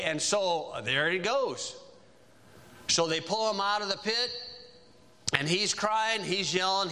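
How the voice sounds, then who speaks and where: High bright-voiced preacher telling a story. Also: male voice. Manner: animated, conversational, acts out characters. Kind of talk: sermon storytelling.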